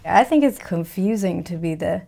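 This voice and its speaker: Musing woman with a lowish voice. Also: expressive, moderate pace, gravelly, mellow, husky. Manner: musing, hesitant, lots of "like". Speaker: interviewee. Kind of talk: reflective conversation.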